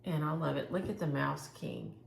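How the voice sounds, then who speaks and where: Low gravelly woman chatting. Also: wildly swooping pitch, moderate pace, roomy sound, slight background noise. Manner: chatty, rambling, thinks aloud. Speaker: flosstube host. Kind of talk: casual chat showing stitching projects.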